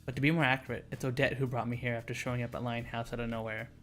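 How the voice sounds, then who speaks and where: A man's voice: medium pitch, level tone, very fast, a bit bright, faint music behind, lightly acted. A man reading a young female protagonist's first-person narration in a visual novel read-along. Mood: calm.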